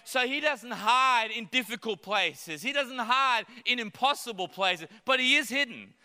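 A pastor in his thirties preaches a sermon from a church stage in a high, very bright, ringing voice, expressive and a little slow. He tells his story playfully, acting out the voices of his child and God, and each phrase trails into long hall reverb.

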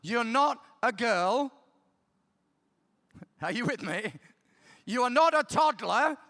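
A man's voice: very high-pitched, lively intonation, slow, pushed and bright. A middle-aged man preaching a sermon, emphatic, repeating key words and checking in with the audience. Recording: long reverb of a large hall.

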